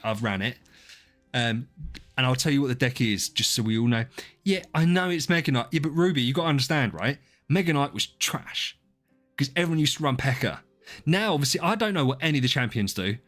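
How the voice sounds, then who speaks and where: A man in his thirties hosts a live stream, and his middle-pitched voice wanders loosely from one thought to the next. He greets chatters by name and pokes fun at himself. Faint music plays under his talk. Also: fairly bright tone. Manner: rambling, self-deprecating, talks to chat by name. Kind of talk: casual live-stream chat.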